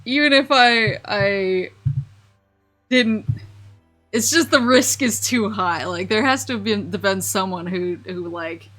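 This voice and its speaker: A woman's voice: mid-range voice, slow, a bit bright, soft background music. A young woman streaming a casual chat, giggling often and rambling with lots of restarts. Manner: giggly, rambling, self-interrupting. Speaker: vtuber streamer.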